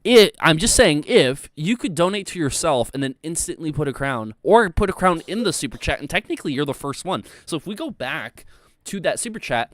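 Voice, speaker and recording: A man's voice: a little high, big pitch swings, a little fast, fairly bright tone, dry recording, studio quality. A young man hosting a casual livestream, rambling loosely and reading chat messages aloud with plenty of filler words. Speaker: livestream host.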